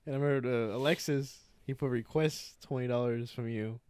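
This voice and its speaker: A young man co-hosting a casual podcast, laughing and recalling a story with many pauses and fillers. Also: mid-range voice, fairly even intonation, a little mellow, a little hiss or hum. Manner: laughing, hesitant fillers, profane. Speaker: podcast co-host. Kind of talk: casual chat among friends.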